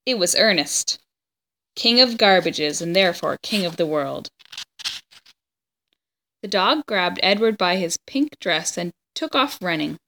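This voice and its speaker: A woman reading a children's chapter book aloud, with steady, even storytelling. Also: lowish voice, measured pace, long pauses, slight background noise. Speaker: story reader.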